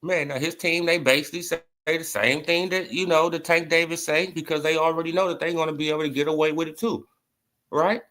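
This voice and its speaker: A man's voice: a little high, fairly even intonation, a little fast, fairly bright tone. A man rants about boxing in casual vlog commentary. He repeats himself for emphasis and leans on slang.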